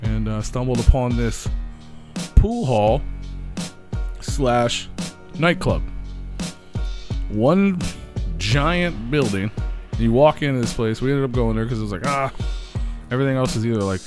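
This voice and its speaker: A man's voice: mid-range voice, expressive, unhurried, long pauses, over music. A man hosting a podcast, telling a night-out story in a laid-back, casual way, swearing often and laughing along. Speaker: podcast host.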